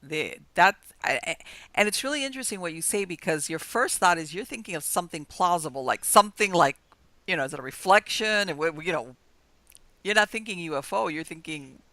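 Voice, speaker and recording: A man hosting an interview, asking questions and jumping in with quick, animated remarks. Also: high-pitched, no room sound. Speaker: podcast host.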